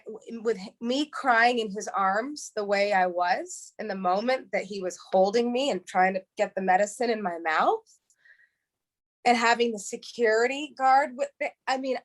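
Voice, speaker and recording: A woman from New York, a podcast guest, speaking earnestly in a halting way, with frequent restarts and repeated words. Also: fairly high pitch. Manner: heartfelt and earnest. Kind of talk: emotional interview, candid storytelling.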